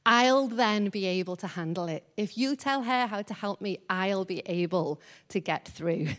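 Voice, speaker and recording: A woman's voice: mid-range voice, lively intonation, normal speed, fairly bright tone, natural voice. A woman voicing a frazzled, overworked woman who pleads for help and repeats herself in exasperation. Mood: exasperated.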